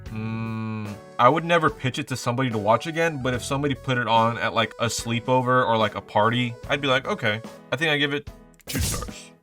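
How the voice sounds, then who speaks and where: A man's voice: medium pitch, brisk, fairly bright tone, soft background music. A young man in his twenties reviewing movies in casual, rambling chat, full of fillers and swearing. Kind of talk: casual vlog commentary.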